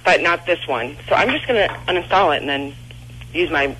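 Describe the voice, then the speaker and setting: Caller, male, bright higher voice, thin phone line with a faint hiss. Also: expressive, brisk.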